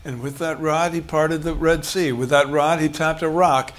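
A man's voice: on the high side, steady tone, moderate pace. A man preaching a sermon in a conversational way, acting out short bits of dialogue and chuckling as he goes. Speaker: pastor.

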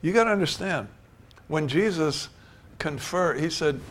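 A man's voice: on the high side, expressive, measured pace, a bit bright. An older man preaching a sermon, telling stories and building to emphatic declarations. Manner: storytelling, rising to emphatic preaching.

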